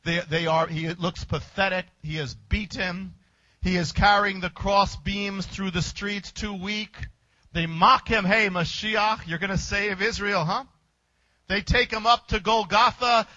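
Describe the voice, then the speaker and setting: A man's voice: high voice, fairly even intonation, measured pace, pushed and bright, dry recording, muffled recording. A man preacher retelling a story vividly, with emphatic, short, punchy phrases. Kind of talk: dramatic sermon storytelling.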